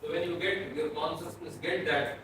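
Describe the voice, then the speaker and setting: A man's voice: on the high side, flat delivery. Man lecturing in an echoey classroom. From Bhutan. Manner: explains slowly, repeating and restarting phrases. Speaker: philosophy lecturer. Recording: echoey room, mic far off, faint noise.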